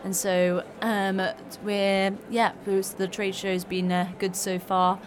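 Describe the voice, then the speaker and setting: Female guest, business founder, friendly, halting with fillers, faint noise behind. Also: medium pitch, flat delivery. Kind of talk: casual interview answers. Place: trade show hall.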